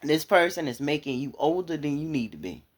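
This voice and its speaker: A woman preaching a motivational sermon, speaking straight to the listener in a conversational way and building to loud, fervent passages. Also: deep voice, very animated, a little fast. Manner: impassioned, rising to loud fervor; conversational, addressing listener directly.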